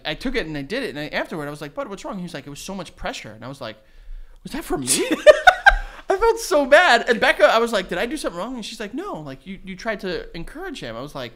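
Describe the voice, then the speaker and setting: Animated man telling stories, lively pitch. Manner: animated storytelling, acts out quotes, laughs often. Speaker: podcast co-host. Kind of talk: casual chat.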